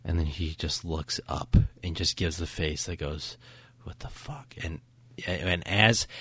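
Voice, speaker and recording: A man's voice: on the low side, dry recording. A man co-hosting a casual film podcast, retelling a scene with eager, filler-heavy enthusiasm. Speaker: podcast co-host. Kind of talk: casual film review chat.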